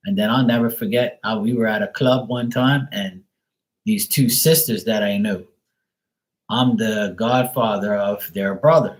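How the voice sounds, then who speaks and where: A man's voice: fairly low pitch, normal speed, low-quality recording. Blunt, profane man chatting on a stream. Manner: blunt and profane, rambling with many fillers; acts out quoted people in raised voices. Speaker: live stream host. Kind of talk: casual live-stream chat.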